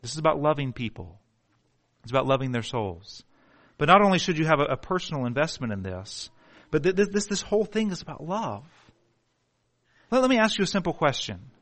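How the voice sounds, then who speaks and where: A man preaching a sermon in a fairly high, bright, forceful voice. He swings between soft, low pleading and loud, rising appeals to the congregation. He repeats words and stumbles when he gets worked up. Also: very animated, fairly quick. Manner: impassioned preaching, swings from hushed to shouting. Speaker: pastor.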